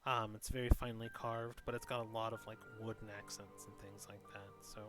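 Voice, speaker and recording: A man narrating a tabletop game as game master, with a relaxed way of talking full of ums and restarts. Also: fairly low pitch, a little fast, over music. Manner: relaxed, filler-heavy narration with many ums.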